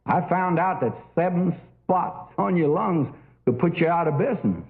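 An older man preaching a sermon, telling a story with folksy asides, many fillers and a lively, rising and falling delivery. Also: fairly high pitch, normal speed. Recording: phone-like narrow audio.

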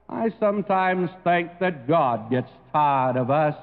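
Slow earnest preacher man, tinny and echoing. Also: on the high side, sing-song. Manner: slow, earnest, swells to emphatic peaks. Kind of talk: sermon. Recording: tinny narrow-band recording with long reverb.

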